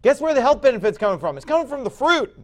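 A pastor in his forties delivers a sermon in a notably high voice. His pitch leaps and falls across a wide range, and his talk stays conversational, breaking into loud, punchy emphasis. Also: sing-song, fast talker. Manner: emphatic, conversational preaching with sudden loud bursts.

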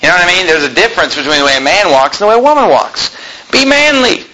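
A man's voice: high-pitched, lively intonation, fast, pushed and bright, low-quality recording. A pastor preaching a sermon from the pulpit in an emphatic style, firing rhetorical questions at his congregation. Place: church pulpit.

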